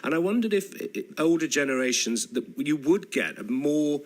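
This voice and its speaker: Male radio presenter, animated voice that rises and falls widely, conversational interviewer in a studio. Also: fairly high pitch, moderate pace. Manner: probing, conversational questions.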